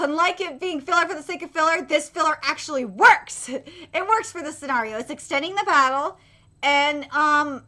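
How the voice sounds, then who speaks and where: Very high, excitable woman streamer. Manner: excitable, swings from muttering to shrieking, swears freely. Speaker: anime reaction streamer. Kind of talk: live reaction commentary.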